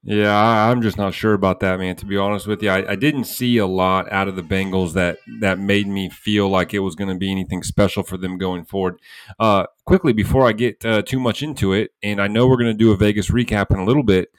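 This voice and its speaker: Male co-host, low-pitched, emphatic hyperbolic ranter, dry room. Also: steady tone, brisk, clean tone, no echo. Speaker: sports podcast co-host. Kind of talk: casual sports chat.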